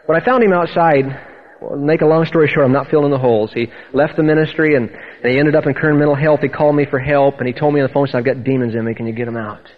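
Animated man preaching a lo-fi sermon. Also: fairly high pitch, fast talker. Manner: animated storytelling, acting out quoted voices. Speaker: pastor. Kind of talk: sermon testimony.

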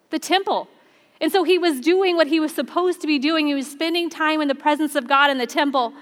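A woman in her thirties delivers a sermon to her church. Her voice sits high, and her manner is warm and chatty as she moves between personal stories and read scripture. The sound carries a long reverb from the church hall. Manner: expressive, conversational, reads scripture aloud. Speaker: preacher.

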